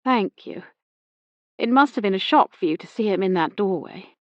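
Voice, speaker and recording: A woman voicing a smooth, well-dressed car salesman who has just lost his father, courteous but shaken. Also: sits high, lively intonation, normal speed, dry recording, lo-fi sound. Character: smooth young male car salesman, grieving son.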